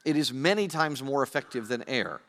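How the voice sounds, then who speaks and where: A man's voice: mid-range voice, animated, brisk, a bit bright, in a large hall. A man preaching a sermon, conversational and playful, speaking straight to his congregation. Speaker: pastor.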